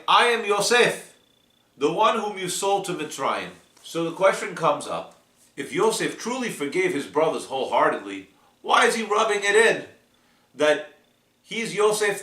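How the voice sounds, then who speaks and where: A man giving a slow, deliberate weekly Torah portion talk, reading Hebrew verses and explaining them. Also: mid-range voice, sharp tone, echoey room, far from the mic. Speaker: Torah teacher.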